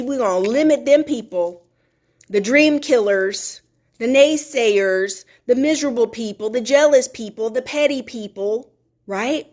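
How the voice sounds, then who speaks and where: A woman hosts a motivational live talk in a somewhat high voice. She is emphatic and preachy, repeating key phrases for effect and reading viewer comments aloud. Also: lively intonation, a little slow, darkish tone. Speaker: motivational host.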